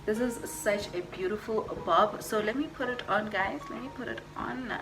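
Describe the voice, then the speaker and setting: A woman's voice: medium pitch, moderate pace. Gushing woman vlogger, music behind. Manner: gushing, repeats words, addresses viewers as guys. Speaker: beauty vlogger. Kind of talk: casual product unboxing.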